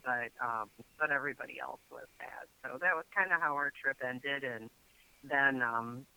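A man's voice: mid-range voice, animated, moderate pace, gravelly, bright, forceful tone, clear, resonant tone, poor audio. A man telling a story casually as a guest, chatty and full of fillers.

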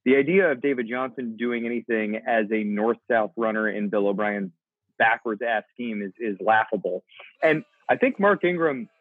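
A man's voice: medium pitch, moderate pace, no echo. Man on a tinny remote line. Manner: blunt, opinionated. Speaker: podcast co-host. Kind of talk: casual fantasy football chat.

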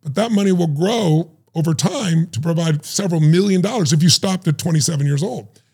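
Emphatic middle-aged male guest, gravelly and husky, brisk and animated, slightly higher voice. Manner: acts out quotes in raised voices, emphatic. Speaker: guest, life strategist. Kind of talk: animated storytelling.

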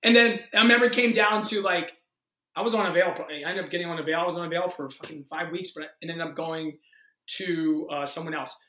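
A man in his thirties, an actor, telling a story in a casual interview with excited energy, acting out quotes and swearing freely. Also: a little high, a little fast, roomy sound. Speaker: actor guest.

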